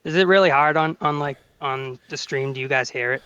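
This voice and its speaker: A man's voice: on the high side, a little fast, pushed and bright, clear, resonant tone, lo-fi sound. A man with a Boston accent, a guest in casual chat on a live stream, who often repeats his words as he starts a sentence. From Massachusetts.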